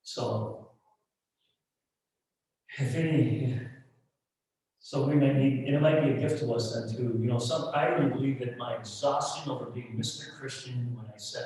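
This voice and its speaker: A middle-aged male pastor preaching a sermon in a church, talking frankly and conversationally, dropping to soft asides and rising to loud emphatic peaks. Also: mid-range voice, moderate pace. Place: church sanctuary. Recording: roomy echo, mic at a distance.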